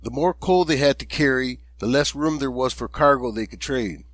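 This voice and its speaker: Male author-narrator, steady audiobook read, dry close mic. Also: medium pitch, moderate pace, no room sound.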